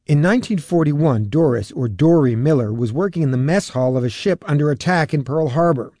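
Male reporter, higher mellow voice, measured news narration. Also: no room sound, studio quality. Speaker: radio reporter.

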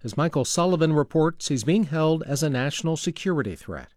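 A male newscaster reads the hourly news in a crisp, even newsreader manner. The studio sound is dry and close, with no room around the voice. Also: fairly high pitch, brisk, no room sound. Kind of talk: newscast reading.

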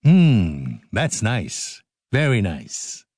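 A man's voice: fairly low pitch, huge pitch swings, extremely slow, darkish tone, husky, dry recording. A male radio host, older, joking and laughing his way through studio outtakes in a playful, sing-song manner.

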